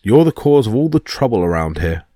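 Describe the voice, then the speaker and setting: A man voicing a hot-tempered male thunder god who shouts threats in a low voice. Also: very animated, fairly quick, no room sound, clean studio sound. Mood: demanding. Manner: bellowing, furious threats.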